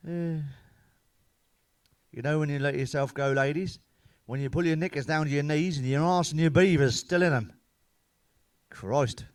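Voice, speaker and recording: A man rattles off crude stand-up jokes, swearing in nearly every line. His delivery is blunt and deadpan, and his voice sits at an ordinary middle pitch. The sound is dry and close, with no room around it. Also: no echo. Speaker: comedian.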